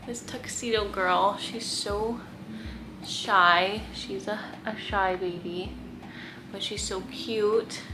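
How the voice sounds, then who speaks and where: A woman's voice: mid-range voice, background noise. A young woman chatting casually in her guest room, full of "like" and cooing baby talk. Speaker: vlogger fostering kittens. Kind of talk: casual chat to camera.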